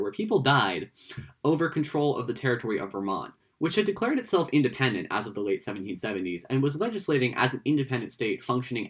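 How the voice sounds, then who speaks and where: A man's voice: mid-range voice, a bit bright. A man giving a casual history lecture, conversational and playful, with frequent fillers and asides.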